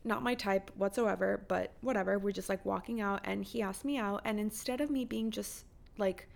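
A woman's voice: mid-range voice, a little fast, gravelly. A young woman hosting a podcast, giving blunt dating advice in casual chat, swearing freely and firing off emphatic rhetorical questions. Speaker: podcast host.

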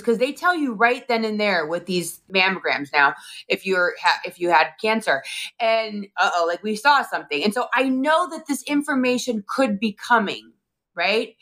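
A middle-aged woman co-hosting a casual live-stream chat, telling stories with animated back-and-forth. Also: a little high. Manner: animated storyteller acting out both sides. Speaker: co-host.

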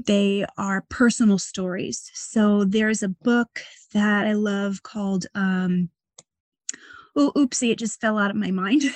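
A woman working as a psychic medium, talking casually and gently about her spiritual practices and reading cards, often pausing to search for words. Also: mid-range voice, dry recording. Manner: gentle, rambling, with frequent fillers.

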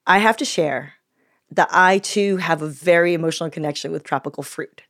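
A woman host, born in Taiwan and raised in America, chatting in a casual, expressive way during an interview. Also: sits low, a little fast, dry recording, clean studio sound.

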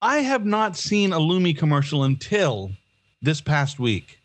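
A man teases his co-hosts and laughs easily through a relaxed podcast chat. His voice is a little high for a man, and the sound is dry and close, with no room around it. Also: a little slow, dry recording. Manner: teasing, laughing. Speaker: podcast co-host. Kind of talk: casual chat.

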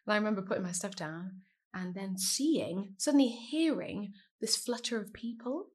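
A woman, a singer chatting as a podcast guest and acting out quoted lines with big jumps in pitch. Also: normal speed, husky. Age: 30s. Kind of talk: casual storytelling chat.

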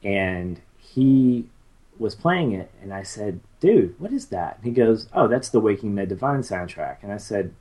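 A man's voice: lowish voice, measured pace, a little mellow. A man in his thirties co-hosting a podcast, chatting casually and rambling with many fillers and restarts. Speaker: podcast co-host. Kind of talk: casual chat.

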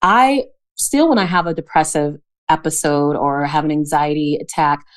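A woman with a slightly low voice tells personal stories in a relaxed, candid way. She talks animatedly, laughs often and leans on "like" as she goes. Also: normal speed. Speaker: podcast guest. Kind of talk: candid conversational storytelling.

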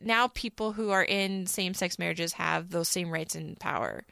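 A woman co-hosting a casual podcast, talking in an animated, sarcastic way and often mimicking the people she quotes. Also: fairly low pitch, moderate pace, vocal fry, dry recording, clean studio sound. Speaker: podcast co-host.

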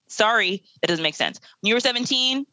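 A woman's voice: on the high side, lively intonation, brisk, bright, forceful tone, no room sound, low-quality recording. A woman in her late twenties, a guest educator in a podcast interview, speaking bluntly and emphatically with bursts of laughter. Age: 20s.

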